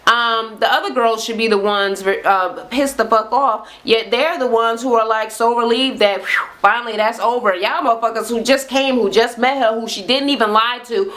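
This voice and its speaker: A woman's voice: on the high side, a bit bright. A woman giving a blunt, heated, swear-heavy recap of a reality show to her camera. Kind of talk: profane ranting recap. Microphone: camera mic facing speaker.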